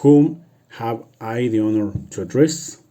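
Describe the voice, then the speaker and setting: A man voicing a calm, dry detective in a read-aloud story, repeating phrases as he reads. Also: mid-range voice, a little slow, lightly acted. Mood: composed.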